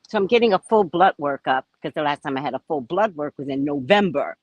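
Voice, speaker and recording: A woman telling a story to her viewers in a chatty, frank and animated vlog, now and then profane. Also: low-pitched, moderate pace, slightly rough, no room sound, muffled recording. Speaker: vlogger. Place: at a resort.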